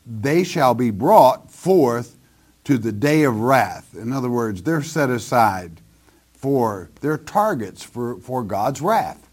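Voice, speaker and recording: Older man, preacher, Bible teaching, slow unhurried delivery, reads a verse then explains it. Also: medium pitch, very animated, darkish tone.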